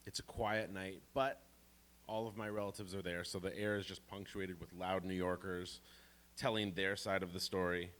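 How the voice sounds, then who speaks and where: A man telling a true first-person story at a live library storytelling event, animated and playful with comic asides. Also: fairly low pitch.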